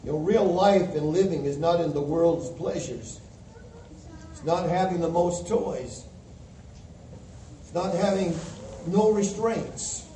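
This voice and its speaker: A man's voice: on the high side, takes it slowly, long pauses, dark tone, slight background noise. Man, preacher, sermon, emphatic, quotes scripture, roomy distant mic.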